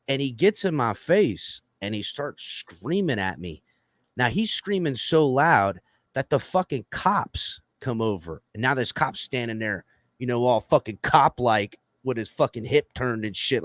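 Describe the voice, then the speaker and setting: A man spins a rambling, profane anecdote in casual podcast chat, full of fillers and acted-out dialogue. His voice sits in a middle pitch. The sound is dry and close. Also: dry recording. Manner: animated, profane storytelling with lots of fillers; acts out quoted lines in raised voice.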